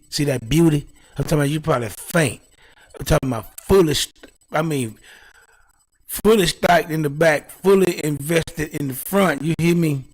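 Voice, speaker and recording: A man hosting a live talk show, talking casually, rambling and repeating himself. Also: fairly high pitch. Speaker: host.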